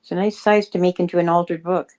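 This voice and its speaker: Low, mellow-voiced woman co-host. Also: fairly even intonation, fast. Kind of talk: casual live-stream chat.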